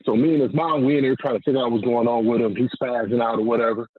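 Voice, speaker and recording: A man calling in to a talk show, telling a long story in a rambling, animated way and swearing freely. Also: medium pitch, very fast, husky. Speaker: caller. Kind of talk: casual storytelling on a call-in show. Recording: muffled phone line.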